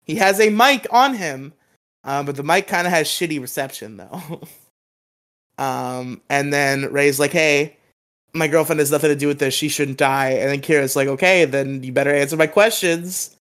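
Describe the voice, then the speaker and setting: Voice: medium pitch, moderate pace, fairly bright tone. A podcast co-host giving a casual, rambling recap of an episode, laughing often and acting out quoted lines.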